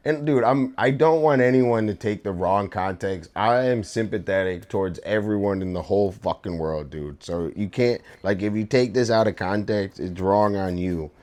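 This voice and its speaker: A man's voice: lowish voice, darkish tone. A young man chatting casually while he draws, telling a rambling story full of fillers and swearing. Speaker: streamer and artist. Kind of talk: casual chat while drawing. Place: home room.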